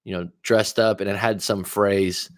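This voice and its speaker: A man's voice: on the low side, flat delivery, a little slow, dry recording, studio quality. A man, a coach, talking casually and reflectively to viewers on a livestream, wandering into asides as he thinks aloud. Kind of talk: livestream monologue.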